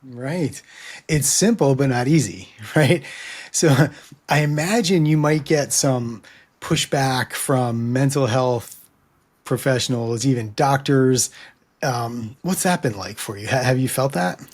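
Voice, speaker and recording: A podcast host interviewing a guest, speaking in a measured, thoughtful way with filler ums. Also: mid-range voice, a little mellow, breathy edge. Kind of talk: interview conversation.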